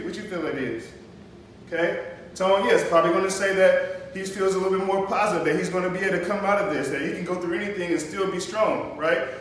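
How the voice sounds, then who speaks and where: A man teaching a poetry lesson to a class, explaining patiently and checking in with "okay?" after each point. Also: high voice. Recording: echoey classroom, mic far off, faint noise.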